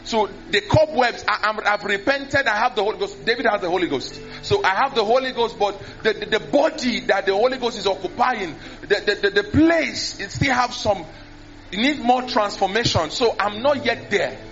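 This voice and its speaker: A preacher, speaking animatedly into a handheld mic, often mimicking prayers and repeating words. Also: male voice, high-pitched, normal speed, a bit bright, faint music behind. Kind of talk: sermon. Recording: dull lo-fi sermon recording.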